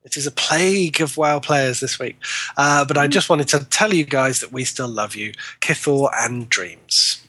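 A man's voice: medium pitch, moderate pace, bright, forceful tone, husky, dry recording. A man guest-hosting a gaming podcast, reading a listener letter in casual chat and laughing at himself. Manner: giggly, self-deprecating. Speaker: guest co-host.

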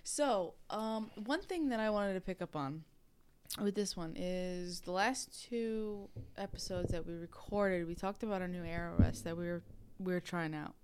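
A woman's voice: lowish voice, normal speed, darkish tone, slight background noise. A woman co-hosting a podcast in casual chat, rambling and laughing often at herself. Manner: giggly, rambling, self-deprecating. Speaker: podcast co-host.

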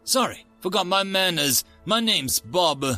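A man's voice: high voice, expressive, unhurried, sharp tone, faint music behind, voice pushed up, heavily acted. A man voicing a breezy, wisecracking male porpoise alien with a Brooklyn accent in an audiobook story. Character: brash male porpoise alien, laid-back.

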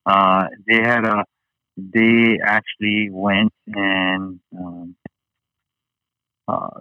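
Halting man. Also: sits low, level tone, smooth, no echo, narrow, tinny audio. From Hawaii. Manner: rambling, halting, with many fillers and restarts. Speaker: guest. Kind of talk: casual interview chat.

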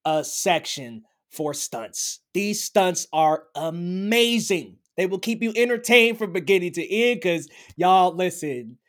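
A man's voice: sits high, animated, takes it slowly, hardly any pauses. A man co-hosting a casual film review chat, talking enthusiastically and emphatically. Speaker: podcast co-host.

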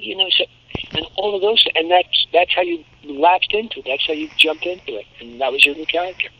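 A man in his seventies, a voice actor telling animated, jokey stories in an interview. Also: on the high side, brisk. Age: 70s. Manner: animated, jokey storyteller who slips into demo voices. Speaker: voice actor guest. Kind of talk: anecdotal interview talk. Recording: muffled lo-fi audio.

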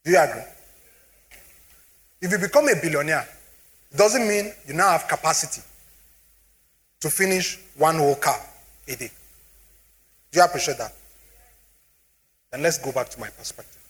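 A middle-aged Nigerian man speaks to a live audience about money in an animated, questioning way. His voice sits a little higher than most men's and swings up and down as he checks that listeners are with him. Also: moderate pace, pauses often. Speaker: speaker on personal finance. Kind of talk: motivational talk to an audience.

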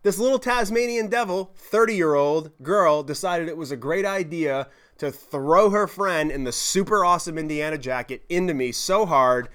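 Animated, foul-mouthed male storyteller. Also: a little high, normal speed, few pauses, smooth. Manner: animated, profane, self-deprecating. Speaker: podcast host. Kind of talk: storytelling monologue.

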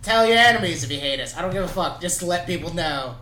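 Male co-host, laughs a lot, bright lively voice, echoey room with faint hiss. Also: fairly high pitch. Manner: giggly, animated, quick to laugh. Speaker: podcast co-host. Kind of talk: casual comedy podcast banter. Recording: roomy echo, faint background noise.

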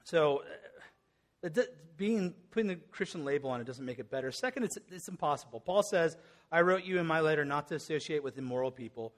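A man's voice: fairly high pitch, expressive, fairly quick. A middle-aged man preaching a sermon as pastor, conversational and earnest, with casual asides and restarts.

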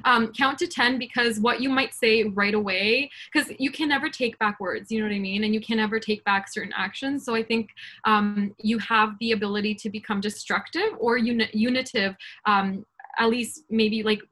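Bright, earnest woman in her thirties. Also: on the high side, steady tone, normal speed. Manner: earnest, rambling, many fillers and tag questions. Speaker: podcast guest. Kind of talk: casual faith talk.

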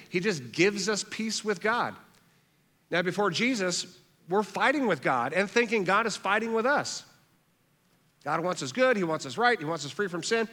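Earnest preacher in a reverberant hall. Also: male voice, high-pitched. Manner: earnest preaching, repeats phrases for emphasis, drops soft on key words. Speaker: pastor. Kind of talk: sermon.

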